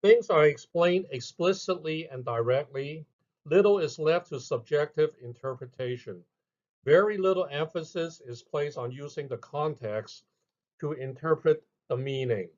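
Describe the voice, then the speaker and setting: A man narrating a scripted lesson in a measured way, reading out each heading with emphasis. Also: fairly high pitch, a little mellow, muffled recording. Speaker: instructor.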